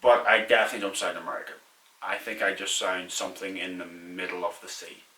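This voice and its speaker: A man's voice: deep voice, level tone, quick pace, pushed and bright, reverberant, recorded from a distance. A young Irish man casually answering viewer questions in a vlog, candid and chatty, laughing at himself.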